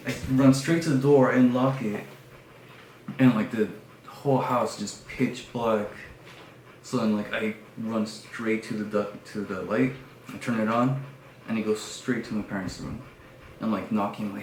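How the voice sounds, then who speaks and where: Guy telling a story on his podcast, lowish voice, says like a lot, goes quiet and hushed, echoey room. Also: normal speed. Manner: animated retelling with many fillers, dropping to hushed tones. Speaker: podcast host. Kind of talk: casual storytelling. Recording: echoey room with faint background noise.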